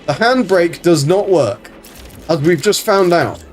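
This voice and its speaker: A man's voice: sits high, lively intonation, measured pace, a little mellow, slight background noise. A man casually commentating a game on a live stream, chatting to viewers, swearing freely and greeting them by name. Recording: faint background music.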